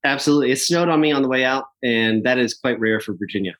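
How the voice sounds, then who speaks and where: A man's voice: mid-range voice, fast, fairly bright tone. A man who is a podcast guest, talking about his work in an easygoing casual chat and laughing along. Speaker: podcast guest, app founder.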